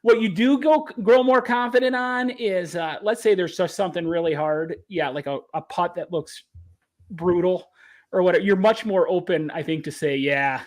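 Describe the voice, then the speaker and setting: Earnest, reflective man, fairly high voice. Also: moderate pace. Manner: earnest, reflective, often restarts sentences. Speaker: caddie and author, podcast guest. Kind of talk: casual interview talk.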